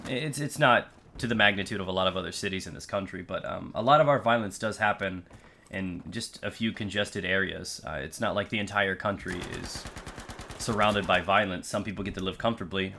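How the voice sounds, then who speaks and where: A man's voice: deep voice, bright, forceful tone, a little hiss or hum. A young American man telling a personal story to his channel viewers in an earnest, conversational way, with frequent fillers and restarts. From United States. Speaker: YouTube creator.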